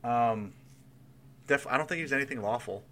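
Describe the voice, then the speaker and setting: A man with a bright, forward voice talks casually about a tabletop role-playing character. He thinks aloud, rambling with restarts and little laughs. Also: medium pitch, normal speed. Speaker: player building a tabletop character. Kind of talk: casual chat.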